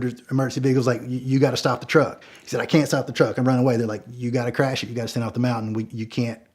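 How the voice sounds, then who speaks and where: Animated man telling a story. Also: medium pitch. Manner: animated, full of fillers and repeated words. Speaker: storyteller guest. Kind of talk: casual spoken storytelling.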